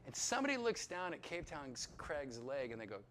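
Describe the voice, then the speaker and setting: Animated storyteller man, high lively voice. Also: fairly quick. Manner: animated, chatty, checks in with listeners. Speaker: speaker giving a personal testimony. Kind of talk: lively storytelling testimony to an audience.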